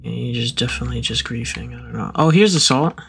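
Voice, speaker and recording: A man chatting casually with a friend while playing a co-op horror game, excitable and mildly swearing. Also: medium pitch, fast, vocal fry, loud music behind the voice. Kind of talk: casual gaming chat.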